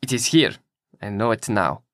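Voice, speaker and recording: A man's voice: on the low side, animated, moderate pace, fairly bright tone, dry recording, studio quality, pitched below the performer's own voice. A man voicing a terrified, half-mad male ship's mate who speaks urgently and fearfully.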